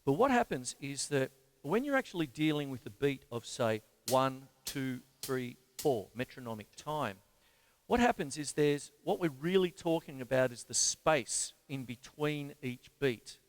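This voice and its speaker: An Australian drum teacher on a live stream chats casually and counts beats aloud as he plays, with the drum kit sounding in the background. His voice is medium-pitched and animated, a little slow.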